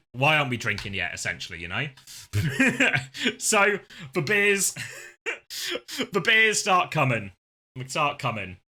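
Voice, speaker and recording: A man's voice: a little high, bright, forceful tone. A man streaming, telling a casual story with lots of laughter and the odd swear word.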